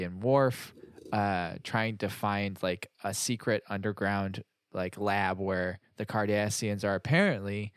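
A man's voice: lowish voice, clear, resonant tone, dry recording. A man co-hosting a casual podcast, recapping an episode in a rambling, laid-back way with some swearing. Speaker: podcast co-host. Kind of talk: casual chat.

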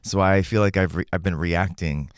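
A man co-hosting a podcast, chatting casually with wry, quick asides. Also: sits low, fairly even intonation, clear, resonant tone, dry recording, clean studio sound. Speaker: podcast co-host. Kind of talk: casual chat.

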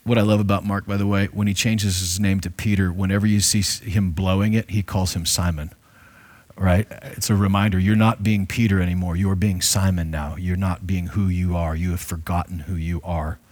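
A man's voice: low-pitched, fairly even intonation, brisk, a little mellow. Conversational male pastor preaching. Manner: conversational and playful, with frequent restarts. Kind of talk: sermon reading and explaining scripture.

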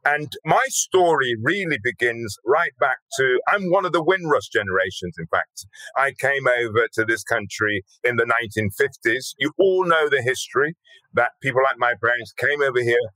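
Blunt, bright-voiced older man. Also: mid-range voice, moderate pace, no room sound, low-quality recording. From Birmingham, England. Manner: blunt, earthy and emphatic, swears casually. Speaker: podcast guest. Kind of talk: storytelling interview talk.

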